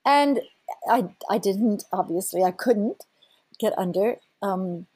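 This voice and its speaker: An older woman, a scientist, animatedly recounting a personal story in an interview with a husky voice. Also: medium pitch, takes it slowly, no echo. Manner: animated, breaks into laughter and restarts. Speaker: scientist guest.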